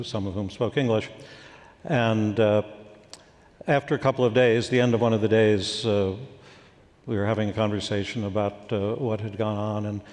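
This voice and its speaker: An older man speaking as a guest expert in an onstage forum conversation, telling stories in a thoughtful, halting way with many fillers. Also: on the low side, a little mellow. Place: conference hall stage. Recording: reverberant hall.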